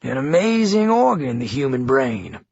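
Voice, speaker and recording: Gravelly Georgia-twanged Governor, as a man puts him on. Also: medium pitch, big pitch swings, moderate pace, darkish tone, dry recording, highs cut off, heavily acted. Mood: sardonic, menacing. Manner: theatrical, exaggerated enunciation. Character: menacing one-armed male town leader, middle-aged.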